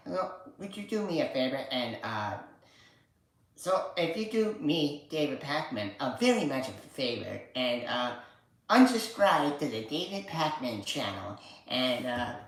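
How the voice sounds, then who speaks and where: A man putting on a crude, halting, mocking impression of a male political commentator who sneers at himself. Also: mid-range voice, close to an everyday voice. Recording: very echoey room.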